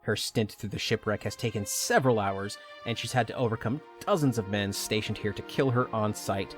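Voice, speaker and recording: Over soft background music, a podcast host with a voice on the low side reads a video game story retelling fairly quickly, interrupting himself with joking asides.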